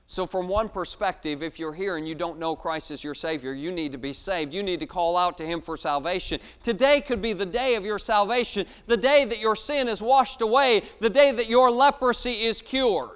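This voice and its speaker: Male preacher, emphatic, loud-to-hushed swings, resonant high voice, big reverberant room. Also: normal speed, hardly any pauses, smooth. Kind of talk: sermon. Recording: long hall reverb.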